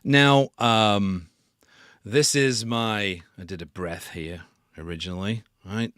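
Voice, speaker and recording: A man with a lowish, slightly bright voice speaks slowly while hosting a casual livestream tutorial on sound design. The sound is clean studio quality with no echo, and he jokes at his own expense as he works.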